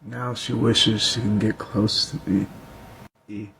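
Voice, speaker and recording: A man's voice: fairly low pitch, flat delivery, slow pace, vocal fry, a bit bright, slight background noise. A man reciting bitter, reflective spoken word poetry.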